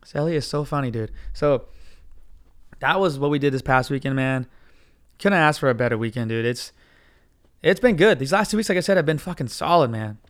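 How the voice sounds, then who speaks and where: A man hosting a podcast alone, telling a story in a casual, profane, excitable way and saying "dude" all the time, his voice a little hoarse. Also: medium pitch, a little fast, pauses often. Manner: profane, animated, says dude constantly. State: hoarse from cigars. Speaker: podcast host.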